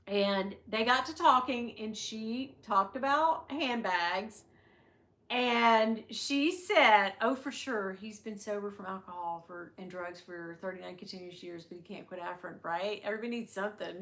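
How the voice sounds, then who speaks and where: A woman, hosting her handbag channel's livestream and chatting casually, telling stories with quick asides to her viewers. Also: mid-range voice, a bit bright.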